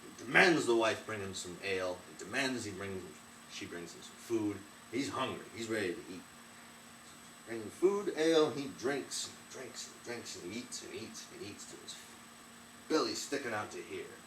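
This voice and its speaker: A young man in his twenties retells a fairy tale in a chatty, animated way. His voice sits on the low side. The recording is roomy and a little distant from the mic, with faint ambience behind. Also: moderate pace, a little hiss or hum. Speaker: storyteller. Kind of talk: casual story retelling.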